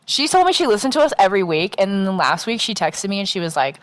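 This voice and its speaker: A woman's voice: fairly low pitch, fast talker. Blunt young woman, casual podcast chat. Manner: blunt, swears a lot, laughs often, acts out quotes. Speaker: podcast co-host.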